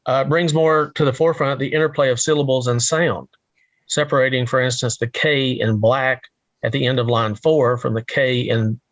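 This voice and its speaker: A man giving a measured, slow literary lecture on the craft of writing poems, pausing deliberately between phrases. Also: medium pitch, dry recording. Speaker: poet giving a talk on line breaks. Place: home recording for a virtual event.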